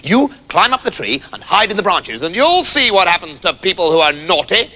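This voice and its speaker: A man's voice: high-pitched, very animated, normal speed, sharp tone, big-room sound, full character voice. A man voicing a stern, pompous schoolteacher who scolds and threatens thrashings. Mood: scolding. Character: stern, cane-happy old male schoolteacher.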